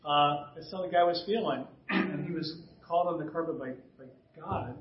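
Male pastor, high voice, conversational sermon with throat clearing, dull echoey church sound. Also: moderate pace, slight background noise. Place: church sanctuary. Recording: distant roomy church recording, dull sound.

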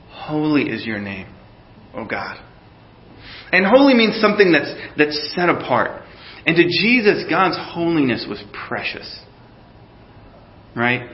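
Middle-aged male pastor with a higher voice, preaching in an animated, questioning way, dull lo-fi recording. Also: roomy sound. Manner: animated, questions the audience, drops to a hushed voice in guided imagery. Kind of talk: sermon.

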